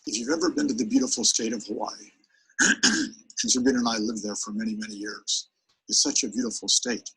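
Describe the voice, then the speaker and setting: A man's voice: lowish voice, little pitch movement, a little fast, sharp tone, breathy edge, rough recording. A man giving a live seminar on presentation skills, talking energetically and straight to his audience. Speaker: sales presentation trainer.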